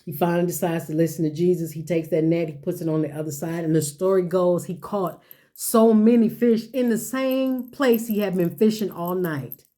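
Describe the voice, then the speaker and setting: A woman's voice: on the low side, moderate pace, dark tone. A woman giving a motivational sermon-style talk, building on repeated rhetorical questions and folksy phrasing. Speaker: speaker.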